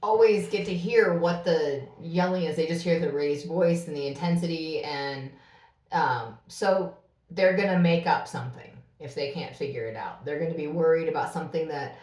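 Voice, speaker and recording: A woman's voice: low-pitched, normal speed, a little mellow, reverberant, far from the mic. A middle-aged woman co-hosting a podcast, talking in a blunt, earnest way. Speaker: podcast co-host. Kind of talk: casual conversation.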